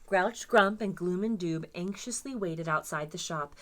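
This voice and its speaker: Reading a picture book to kids at a moderate pace, a librarian uses a voice on the low side. She tells the story with expression and drama.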